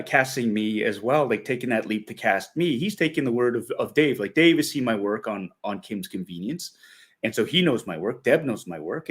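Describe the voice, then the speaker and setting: A middle-aged man with a Canadian accent, a guest actor talking earnestly and reflectively in a casual interview, laughing often. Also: fairly low pitch.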